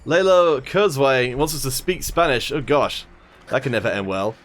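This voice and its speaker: A man's voice: mid-range voice, expressive, normal speed, a bit bright. A man casting a mobile game stream, greeting chat viewers by name and joking at his own expense. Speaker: esports stream caster. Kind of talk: casual stream commentary.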